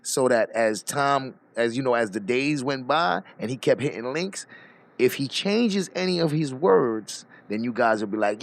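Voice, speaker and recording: Gravelly, lively-voiced man mocking on stream. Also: on the high side, normal speed. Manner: animated, mocking, profane. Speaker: streamer host reacting to clips. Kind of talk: live-stream commentary.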